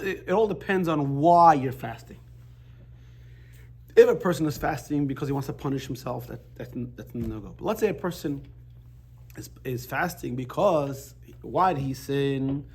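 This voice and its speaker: A man teaching a Torah class in a chatty, halting way, telling jokes and restarting his sentences. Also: fairly high pitch, darkish tone, slight background noise.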